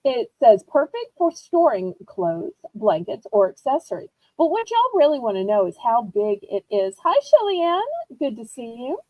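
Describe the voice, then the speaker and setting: Bubbly high-voiced woman hosting. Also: sing-song, moderate pace, few pauses, dark tone, dry recording, low-quality recording. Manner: bubbly, rambling, self-teasing. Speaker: live auction host. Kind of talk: chatty live-stream sales pitch. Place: indoors at home.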